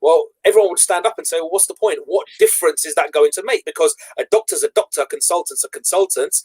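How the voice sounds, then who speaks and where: A man's voice: on the high side, fast talker, darkish tone, poor audio. A man in a casual panel chat, making his point earnestly and repeating words as he builds it. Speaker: panel guest.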